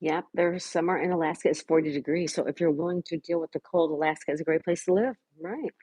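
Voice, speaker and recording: A woman's voice: low voice, fast, mellow, slightly rough, no echo, rough recording. A middle-aged woman hosting a casual live stream from home, reading viewers' comments and greeting them by name with affectionate chatter. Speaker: livestream host reading chat.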